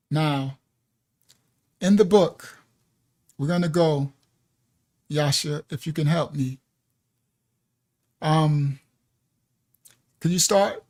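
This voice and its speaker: A ministry teacher, male, with a somewhat high and slightly mellow voice, hosts a livestreamed religious teaching. He talks to viewers at home in a casual, emphatic way and laughs often.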